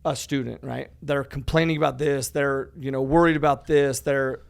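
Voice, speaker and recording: Gravelly-voiced man telling animated stories. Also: mid-range voice, normal speed. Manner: animated storyteller, says "dude" often, acts out dialogue; swears freely. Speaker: podcast guest, real estate educator. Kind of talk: casual podcast conversation.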